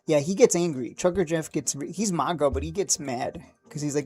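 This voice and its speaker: A man hosting a stock trading livestream, talking casually and excitably, rambling, cursing now and then, and laughing at his own jokes. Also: a little high, normal speed. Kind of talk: live market commentary.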